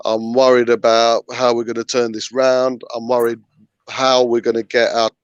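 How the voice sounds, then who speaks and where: A man's voice: mid-range voice, flat delivery, moderate pace, clear, resonant tone, dry recording, highs cut off. A man chatting casually as a guest, joking and repeating himself. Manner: repetitive, joking. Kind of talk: casual chat.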